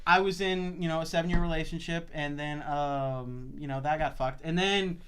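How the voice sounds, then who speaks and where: Bright-voiced young man chatting on a podcast. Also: on the high side, normal speed, slight background noise. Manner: swearing, rambling storyteller. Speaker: podcast host. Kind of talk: casual podcast chat.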